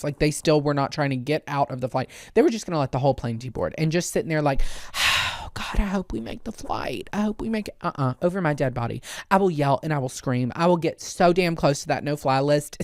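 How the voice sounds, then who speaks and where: A man hosting a podcast, telling a comedic story in an animated, exasperated and dramatic way. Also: a little high, no room sound, clean studio sound. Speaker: podcast host.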